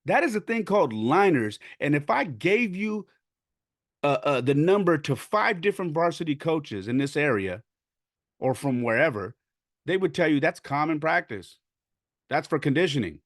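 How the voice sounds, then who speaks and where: A man tells a story in an indignant, casual podcast ramble, acting out quotes as he goes. His voice sits a little on the high side. The recording is dry and close, with no room sound. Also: normal speed, no echo. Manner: indignant, animated, acts out quotes. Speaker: podcast host.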